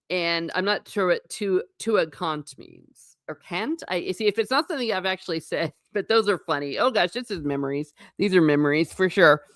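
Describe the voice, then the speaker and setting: A woman hosts a relaxed livestream and talks in a rambling, chatty way, often breaking into laughter and correcting herself. Her voice sits low for a woman. The sound is close and dry, with no room echo at all. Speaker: livestream host; former teacher. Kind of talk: casual livestream chat reading comments.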